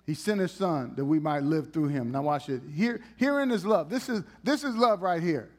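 Man, preacher, high-pitched, animated sermon, teasing congregation, loud-to-hushed swings, church. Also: moderate pace. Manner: conversational, teases the congregation.

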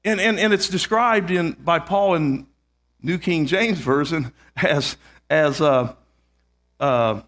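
Male preacher, sermon, high voice, emphatic, repeats key words, calls out amen, slow deliberate delivery. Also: fairly bright tone.

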